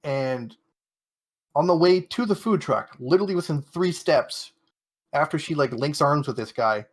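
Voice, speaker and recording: A man's voice: fairly high pitch, lively intonation, normal speed. A young man co-hosting a podcast, recapping an anime episode in casual chat, with plenty of fillers and quoted asides. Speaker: podcast co-host.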